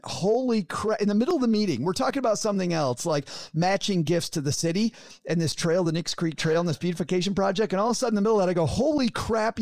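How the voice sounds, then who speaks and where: A man, a podcast co-host and author, telling stories as a guest in a casual interview, animated and often laughing. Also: a little high, no echo, clean studio sound. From lives in northeast Texas.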